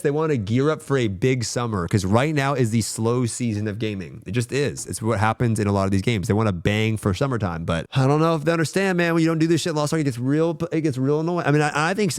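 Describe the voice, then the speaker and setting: A young man streaming, ranting casually and swearing a lot, swinging between grumbling and hyped excitement. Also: medium pitch, no echo, studio quality. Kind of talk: casual livestream rant.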